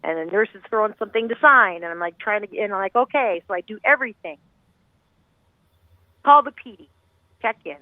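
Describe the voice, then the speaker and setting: A woman's voice: medium pitch, expressive, a little fast, long pauses, no room sound. Middle-aged mom telling her story over the phone, intense and rambly, dry tinny line. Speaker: guest, bereaved mother. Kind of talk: emotional personal storytelling. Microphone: phone call.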